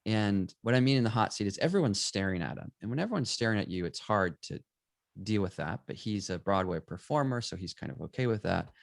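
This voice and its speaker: A middle-aged man, a photographer and guest, telling stories in conversation and acting out bits of dialogue with lively energy. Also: lowish voice, a little fast, creaky, no echo, studio quality. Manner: animated, acts out quoted dialogue. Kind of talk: conversational storytelling.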